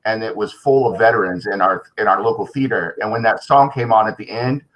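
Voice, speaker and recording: A man co-hosting a podcast interview, sharing a memory in an earnest, halting way. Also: lowish voice, fairly bright tone, poor audio. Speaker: podcast co-host. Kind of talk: casual interview chat.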